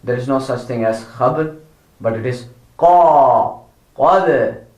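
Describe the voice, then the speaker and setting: A man teaching children Quran pronunciation, patiently repeating each word slowly and correcting mistakes. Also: medium pitch, a little mellow, reverberant. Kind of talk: slow pronunciation lesson for children.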